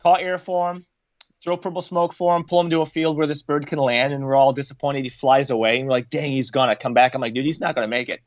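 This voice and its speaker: A man's voice: medium pitch, little pitch movement, quick pace, dry recording. A man, a former Marine, telling war stories casually on a podcast, acting out quotes in raised voices. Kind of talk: casual storytelling.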